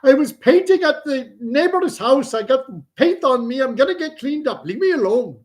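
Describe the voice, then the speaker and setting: A man voicing a flustered young man who has been splattered with paint, in a shrill, exasperated voice. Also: expressive, moderate pace, darkish tone.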